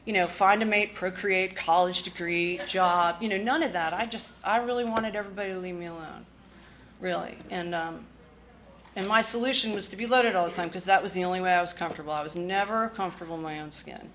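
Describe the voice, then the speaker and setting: A woman's voice: fairly low pitch, fairly quick, a bit bright, slight background noise. A woman from the Washington, D.C. area sharing her recovery story in a candid, blunt way with wry humor and swearing. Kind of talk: personal testimony.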